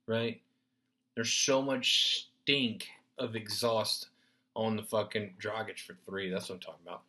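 A man hosting a solo podcast, ranting in a profane, animated way, swinging between loud bursts and muttered asides. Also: mid-range voice. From United States. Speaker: podcast host. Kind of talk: rambling solo podcast rant.

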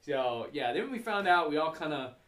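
A young man hosting a student podcast, telling stories in a casual, animated way with many fillers. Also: fairly high pitch, moderate pace, roomy sound. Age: young adult. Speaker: podcast host. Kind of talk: casual chat.

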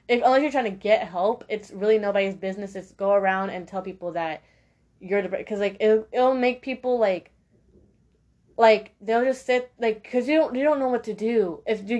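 A woman speaks, giving her opinions in a loose, unscripted monologue. She is blunt and rambling, restarting sentences often and dropping slangy asides as she goes. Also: mid-range voice. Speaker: podcast-style talker sharing opinions.

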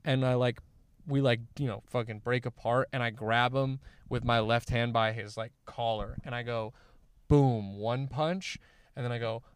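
A young man tells a story in loose, rambling chat, full of "like" and swearing. His voice is smooth and resonant, and it sounds close and dry with no room around it. His pitch sits in the middle for a man. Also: fairly even intonation, moderate pace, no echo. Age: young adult. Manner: rambling, swearing, heavy use of "like". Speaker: guest, former college athlete.

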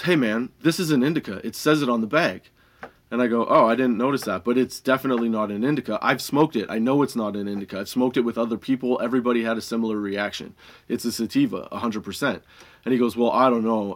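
A man casually telling stories about his old dispensary job, laid-back, swearing freely and laughing often, and high while he talks. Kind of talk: casual storytelling monologue.

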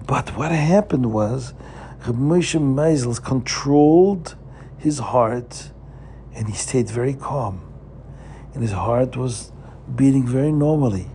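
A man's voice: medium pitch, a little hiss or hum. A man telling a story to children as a lesson, asking them questions and repeating words for emphasis. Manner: animated, asks listeners questions, repeats for emphasis.

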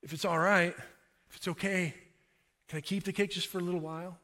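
A man's voice: high-pitched, steady tone, brisk, pushed and bright. A man voicing a shy, grateful woman in her late thirties, speaking hesitantly and pleadingly as he retells a story in a sermon. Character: tearful middle-aged woman, shy and grateful.

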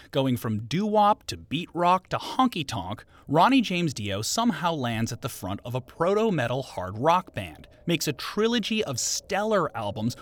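Wry male podcast host, lively pitch. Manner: wry, joke-filled storytelling. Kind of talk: scripted podcast narration.

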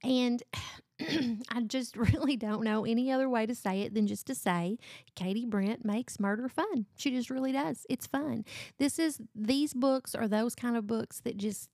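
A woman's voice: a little high, a little slow, darkish tone, no room sound, clean studio sound. A middle-aged woman hosting a book review podcast, chatting casually and gushing about the books she loves. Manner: gushing, enthusiastic.

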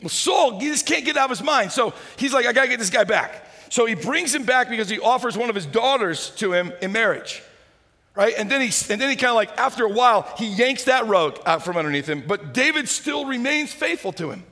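A man preaching a sermon, retelling a story with lively humor and acting out its characters. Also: extremely high pitch, brisk. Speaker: pastor. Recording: hall reverb.

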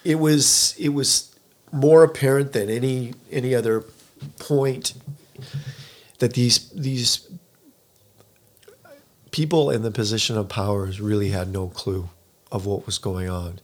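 A man in his fifties, a professional pianist, chatting casually and telling a lively anecdote. He acts out other people's lines and says "like" a lot. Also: mid-range voice, a little slow, long pauses. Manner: animated storyteller who acts out other people's lines, heavy use of "like". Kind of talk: casual conversation, storytelling.

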